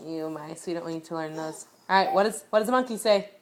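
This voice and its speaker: A woman at home reading a picture book to a small child, asking gentle questions and making playful animal sounds. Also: fairly low pitch, fast talker, background noise.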